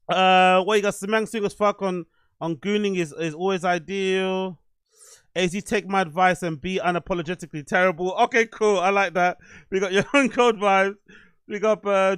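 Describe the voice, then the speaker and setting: High-voiced swearing man. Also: fairly even intonation, normal speed, fairly bright tone, clear, resonant tone, dry recording, clean studio sound. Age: adult, "you get older". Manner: swearing, rambling, self-deprecating. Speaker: podcast host. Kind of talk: casual livestream chat.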